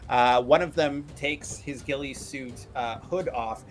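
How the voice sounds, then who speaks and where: A man's voice: medium pitch, slow pace. A man who is game master, narrating a tabletop game in a loose, casual way full of fillers.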